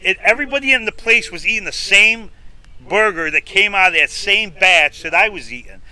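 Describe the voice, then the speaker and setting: Middle-aged man from New York, guest storyteller, punchy bright voice, slightly higher pitch. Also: fairly quick, clean tone. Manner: animated storyteller who acts out quoted dialogue. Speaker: food reviewer guest. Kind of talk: casual interview storytelling.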